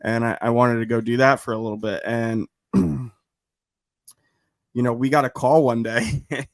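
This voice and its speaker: A man's voice: mid-range voice, normal speed, no room sound. Rambling New man, dry sound. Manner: animated, rambling, frequent restarts. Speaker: podcast guest. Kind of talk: casual chat.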